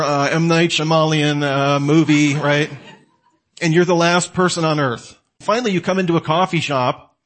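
Male teacher, slightly high voice, conversational lecture, animated, talks straight to the listener with questions he answers himself. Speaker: apologetics teacher.

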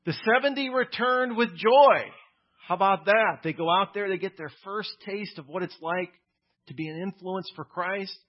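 A male pastor preaches in a relaxed, conversational way, mixing plain talk with casual asides. His voice sits a bit high and sounds husky. The recording is dull and lo-fi. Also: normal speed. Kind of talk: sermon.

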